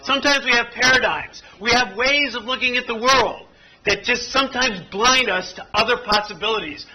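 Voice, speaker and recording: High-voiced man running a playful workshop. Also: moderate pace, bright, forceful tone, low-quality recording. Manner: playful storyteller, jokes with the audience. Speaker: workshop presenter. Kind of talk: interactive training demonstration. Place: conference room with audience at tables.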